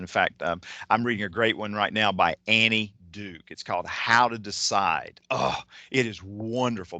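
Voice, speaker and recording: A man delivering a motivational keynote with a lowish, bright, forceful voice. He talks with enthusiasm, wanders into side thoughts and restarts his sentences often. The sound is dry and close. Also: no echo. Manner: enthusiastic, digressive, with frequent restarts. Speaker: keynote speaker. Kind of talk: motivational talk on time management.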